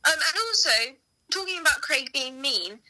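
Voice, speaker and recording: A woman with a high, very bright voice chats casually, giggling and reacting with lively surprise. Her pitch swings widely as she talks, and her tone stays sharp and forward. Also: moderate pace, poor audio. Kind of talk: casual chat.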